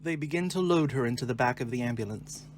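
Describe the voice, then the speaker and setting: A man narrating the stage directions of a screenplay reading in a clear, measured way. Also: medium pitch, a little hiss or hum.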